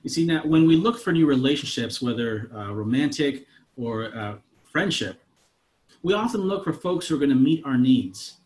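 A man in his thirties, a pastor, preaching a conversational sermon that moves between soft asides and emphatic lines. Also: mid-range voice, lively intonation, normal speed.

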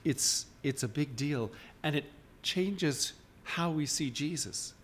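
A man's voice: a little high, slow pace, a little hiss or hum. A man preaching a sermon in a church, informal and questioning, often restarting his sentences. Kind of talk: conversational sermon.

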